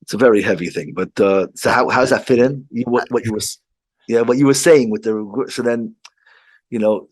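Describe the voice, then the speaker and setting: A rabbi telling a story in casual chat, halting with frequent restarts. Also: male voice, mid-range voice, breathy edge.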